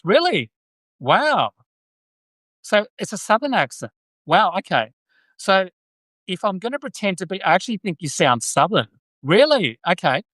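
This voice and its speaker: A man's voice: fairly high pitch, fairly bright tone, no echo. An Australian man hosting a casual live stream, chatty and joking, with many restarts. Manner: joking, chatty, many restarts, reads viewer comments aloud. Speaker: podcast host.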